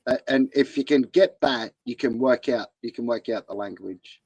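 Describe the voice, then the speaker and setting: A man's voice: medium pitch, normal speed, gravelly, darkish tone, husky, no echo. A man in casual, laid-back chat, swearing easily.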